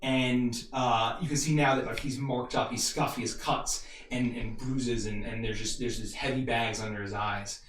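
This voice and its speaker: A man narrating a tabletop game as game master, halting and full of fillers. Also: mid-range voice, fairly even intonation, a bit bright, slight background noise. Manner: halting, many fillers and restarts. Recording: roomy, distant mic, faint music.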